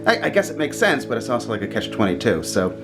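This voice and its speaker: A man's voice: lowish voice, very animated, quick pace, music in the background. A man in his thirties telling a casual vlog story and laughing often. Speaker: vlogger.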